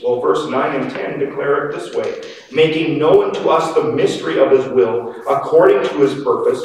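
Slow-preaching man in an echoey hall. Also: fairly high pitch. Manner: slow, emphatic preaching with dramatic swings in loudness. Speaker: pastor. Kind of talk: sermon. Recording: echoey hall, distant mic, faint noise.

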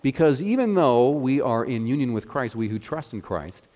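A man's voice: mid-range voice, big pitch swings, moderate pace, mellow. A man preaching a sermon as pastor, earnest and emphatic, building and easing his intensity. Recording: long reverb of a church hall.

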